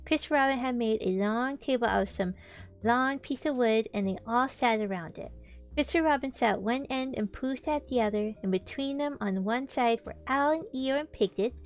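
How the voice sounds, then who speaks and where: A woman's voice: a little high, normal speed, faint music behind. A woman streamer reading a children's book aloud, in a casual tone with joking asides. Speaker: vtuber storybook reader.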